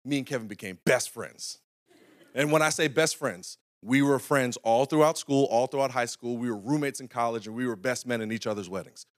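His voice is mid-range and his pace fairly quick: a young adult pastor from North Carolina, sharing stories in a conversational sermon and often checking in with the people in the pews.

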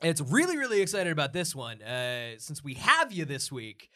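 A man's voice: on the high side, very animated, moderate pace, pushed and bright, soft background music. A man hosting a tabletop game show, upbeat and laughing often. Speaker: host. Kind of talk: show introduction.

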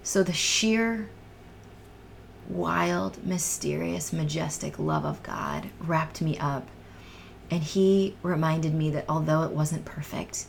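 Low, gravelly woman giving heartfelt testimony. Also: slow, slight background noise. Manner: earnest, heartfelt, drops into soft near-whispers. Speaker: guest sharing her testimony. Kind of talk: emotional personal testimony in a podcast chat.

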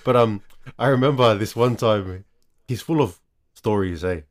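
A man's voice: fairly low pitch, moderate pace. A man in a casual podcast chat, telling family stories in an easygoing way with lots of fillers. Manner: easygoing storyteller with many fillers.

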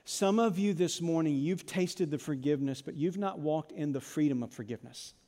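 A man preaching a sermon as pastor, dramatic, swinging from loud, urgent passages to hushed ones. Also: a little high, brisk, in a large hall.

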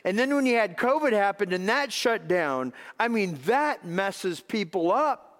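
A man with a high voice preaches to his congregation, talking in a loose, conversational way and stumbling over repeated words as he builds emphasis. His voice rings out in a church sanctuary with a long reverb tail. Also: animated, unhurried, fairly bright tone. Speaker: pastor. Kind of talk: sermon.

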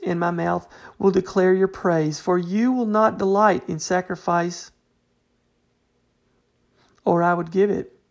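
Woman, Bible teacher, relaxed unscripted delivery, some fry in the voice. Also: medium pitch. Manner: conversational, fills with "you know", restarts often. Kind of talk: informal Bible study talk.

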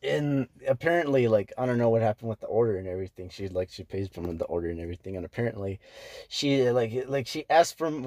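A man's voice: mid-range voice, animated, quick pace, a little mellow, no room sound. Young man rambling through a funny story. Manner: rambling storyteller, heavy swearing, lots of fillers. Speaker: podcast host. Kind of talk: casual chat. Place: podcast.

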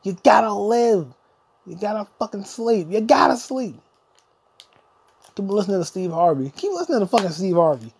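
A man's voice: high voice, very animated, normal speed, gravelly, a little mellow, breathy edge. A young adult man hosting a podcast, delivering a profane, insulting solo comedy rant that mock-lectures the listener. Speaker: podcast host.

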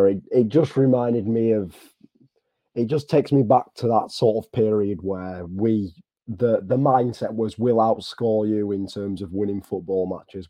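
Low dark-voiced dude on a football podcast, voice going a bit, dry sound. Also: male voice, dry recording. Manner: reflective, clears throat. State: losing his voice. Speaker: podcast guest. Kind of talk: casual football podcast chat.

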